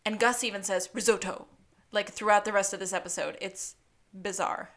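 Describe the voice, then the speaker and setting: A woman co-hosting a casual recap podcast, with a mid-pitched voice. She tells the story with wry, animated asides. The talk is loose and chatty. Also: a little fast. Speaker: podcast co-host.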